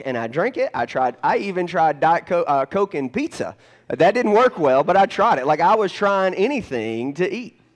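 A man preaching a sermon, telling a personal story, swinging from loud bursts to hushed asides. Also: a little high. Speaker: pastor.

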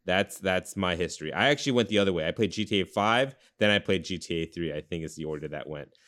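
Man, very low voice, podcast host, loose rambling chat, lots of fillers. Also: quick pace, fairly bright tone. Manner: rambling, filler-heavy, many restarts. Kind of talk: casual chat.

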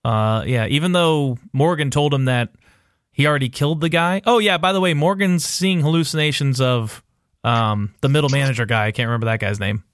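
A man's voice: mid-range voice, brisk, no room sound, clean studio sound. A man co-hosting a podcast, recapping a TV episode in a loose, rambling way with lots of fillers and swearing. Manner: rambling, profane, full of fillers and quoted asides. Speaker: podcast co-host. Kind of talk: casual TV recap chat.

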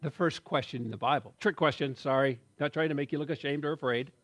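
A man in his sixties giving a sermon, telling a story with jokes and asides in a lively way. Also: on the high side, quick pace. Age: 60s. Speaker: pastor.

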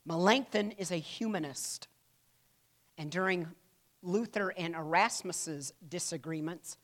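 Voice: medium pitch, a little slow, a bit bright. A church history teacher giving a casual classroom lecture, chatty and digressive, with playful asides to the class and stories retold through acted-out quotes.

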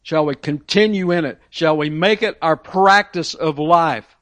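A man's voice: on the high side, a little slow, a bit bright, no room sound. A man preaching a sermon, asking rhetorical questions and repeating key phrases for emphasis.

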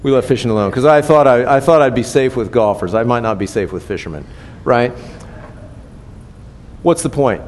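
A man's voice: mid-range voice, normal speed, slight background noise. An older man preaching a sermon in a conversational way, often asking the congregation questions and tagging his points with "right?". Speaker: pastor. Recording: long hall reverb.

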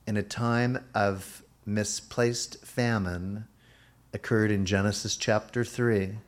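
Male pastor for a sermon, deliberate and slow, emphatic, with sudden rises in his voice. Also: on the low side.

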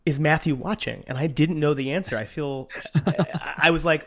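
A man's voice: fairly high pitch, moderate pace, a bit bright. A man co-hosting a podcast, chatting casually with many hesitations and easy laughs. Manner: hesitant, lots of ums, laughs easily. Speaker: podcast co-host. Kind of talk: casual chat.

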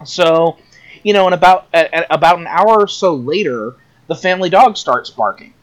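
Podcast co-host, a man with a slightly high voice, casual and rambling. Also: normal speed. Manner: rambling, filler-heavy storytelling. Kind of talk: casual chat.

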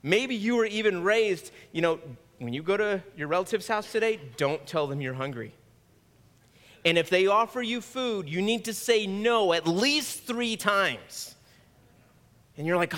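Speaking a little slowly in an animated, high, fairly bright voice, a male pastor gives an earnest, conversational sermon. The church sanctuary lends a long, hall-like reverb.

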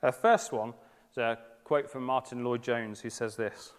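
A man in his thirties delivers a conversational sermon at a mid-range pitch, earnest and lightly humorous. His voice rings out in a large hall and carries a long reverb. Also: moderate pace. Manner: earnest, conversational, with gentle humour. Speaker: preacher.

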